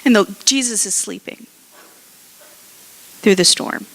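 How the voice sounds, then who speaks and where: Woman pastor, casual sermon, slow deliberate delivery, acts out voices. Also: medium pitch, vocal fry, fairly bright tone. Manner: conversational preaching, acts out characters' voices.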